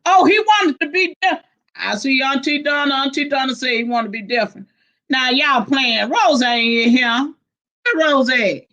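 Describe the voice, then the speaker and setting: A woman's voice: high-pitched, brisk, pushed and bright, dull audio. A woman hosting a casual livestream, laughing often as she greets viewers by name and reads their comments. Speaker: livestream host.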